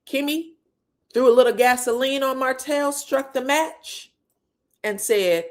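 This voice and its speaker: A woman's voice: sits high, unhurried. A woman hosting a casual reality TV gossip recap. She tells the story with animation, acts out what each cast member said, laughs often and swears freely.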